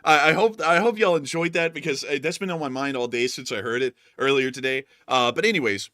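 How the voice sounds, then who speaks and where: A man hosting a war news stream, chatting with his co-host in an animated, joking way, full of "like" and "man". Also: medium pitch, fairly quick, dry recording, clean studio sound. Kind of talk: casual joking chat with co-host.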